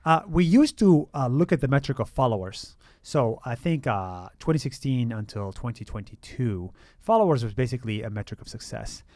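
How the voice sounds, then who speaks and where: Interview guest, male, thirties, mid-pitched, explanatory and candid, close dry mic. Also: lively intonation, normal speed, hardly any pauses, a little mellow, dry recording. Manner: explanatory, frequent "uh" and "so". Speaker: guest content creator.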